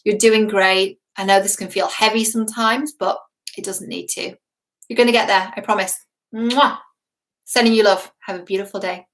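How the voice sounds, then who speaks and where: Woman coach, casual to-camera vlog, affectionate and playful, middle pitch. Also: steady tone, fairly quick, low-quality recording. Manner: warm, chatty, affectionate, playful. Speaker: dating and love coach.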